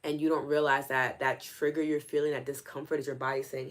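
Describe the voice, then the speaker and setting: Low-voiced woman coach chatting to viewers. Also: level tone, brisk. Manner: conversational, with many fillers like "like" and "you know"; speaks directly to viewers by name. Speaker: EFT coach hosting a live session. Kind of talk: casual live-stream talk answering viewer comments.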